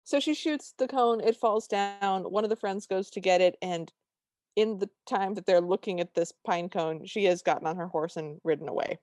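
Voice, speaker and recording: A woman's voice: mid-range voice, normal speed, a little mellow, no echo, clean studio sound. A woman co-hosting a podcast, chatting about a film with enthusiastic, vivid commentary. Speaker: podcast co-host. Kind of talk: casual film recap chat.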